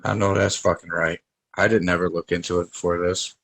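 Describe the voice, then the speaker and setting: A man with a fairly low voice chats in a laid-back way, dropping jokes into the conversation. His voice sounds dry and close, with no room echo. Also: little pitch movement, brisk, gravelly, a bit bright. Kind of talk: casual podcast chat.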